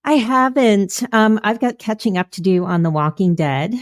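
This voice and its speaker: A woman's voice: medium pitch, expressive, normal speed, no room sound, clean studio sound. A woman hosting a podcast interview, enthusiastic and gushing, with lots of likes and ums. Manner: enthusiastic, gushing, filler-heavy. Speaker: podcast host. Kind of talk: casual interview chat.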